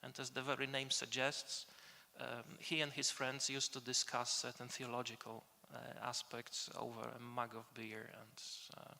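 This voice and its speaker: A man delivers an academic conference lecture, his voice gravelly and bright-edged. He speaks hesitantly, filling pauses and restarting phrases. The sound rings with the long reverb of a conference hall. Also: mid-range voice, completely flat delivery. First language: Polish.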